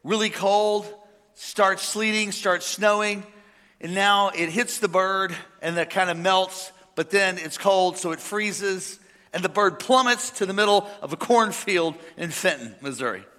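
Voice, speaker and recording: A man preaching a sermon, telling a made-up parable and acting out the characters with lively energy. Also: high-pitched, a little slow. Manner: animated storytelling, acting out characters. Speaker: pastor. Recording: long hall reverb.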